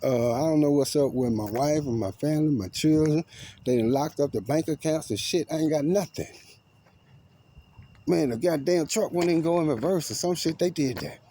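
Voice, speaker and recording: A man tells a rambling, profane, paranoid story outdoors, swinging between loud outbursts and low mutters. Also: moderate pace, slight background noise. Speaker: vlogger. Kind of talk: agitated personal storytelling to camera. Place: outdoors among trees.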